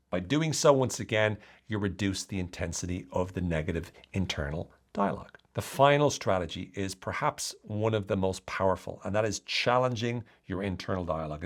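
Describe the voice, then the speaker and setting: A man explaining self-help strategies to the camera in an earnest, steady way. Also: on the low side. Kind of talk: talking-to-camera lesson.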